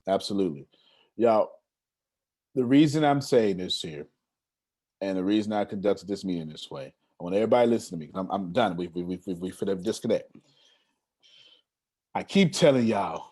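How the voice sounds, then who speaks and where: A man leads an online meeting over a video call, and his voice swings up and down in lively waves. He talks in a casual, streetwise way and keeps circling back to repeat his points. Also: deep voice, fairly quick, pauses often. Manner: animated, streetwise slang, repeats himself. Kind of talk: casual motivational talk.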